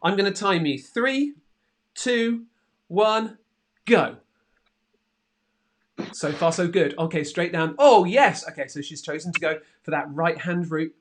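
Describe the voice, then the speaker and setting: A man's voice: high-pitched, unhurried, pauses often, slight background noise. A man co-hosting a children's craft and games show, giving cheerful, encouraging commentary. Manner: lively, encouraging, excitable commentary. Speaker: co-host. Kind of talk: playful kids' craft show chat.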